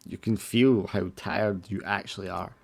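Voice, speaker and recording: Unhurried and steady in tone, a game master with a low, gravelly voice narrates a horror tabletop game. He describes each scene casually and loosely, with small fillers here and there.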